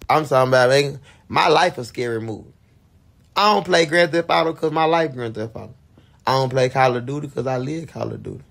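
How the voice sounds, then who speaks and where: A man, telling a profane, animated story to camera and acting out his own screams and quotes. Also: medium pitch, vocal fry. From Fort Worth, Texas. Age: 20s. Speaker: vlogger.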